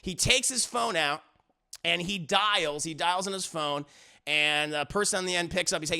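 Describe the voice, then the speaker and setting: A man's voice: a little high, moderate pace, vocal fry, bright, forceful tone, smooth. A man streaming live, animatedly retelling a story with lots of cursing while talking to his chat. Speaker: streamer reviewing media.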